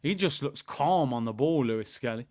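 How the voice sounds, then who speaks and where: A young man hosting a live football watchalong, chatty and excitable, bursting into shouts at big moments. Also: mid-range voice, normal speed.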